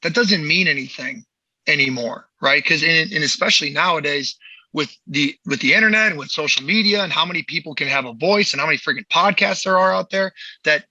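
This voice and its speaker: A man's voice: a little high, brisk, bright, forceful tone, no echo, dull audio. A man hosting a podcast as a movement coach, talking in a blunt, heated and profane way. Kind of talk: casual podcast chat.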